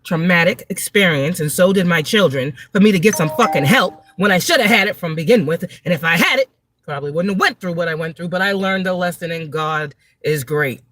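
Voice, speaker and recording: A woman's voice: on the low side, lively intonation, brisk, a bit bright. A woman giving a tarot reading in a livestream monologue, blunt, profane and preachy, repeating words for emphasis. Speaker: tarot reader and spiritual advisor.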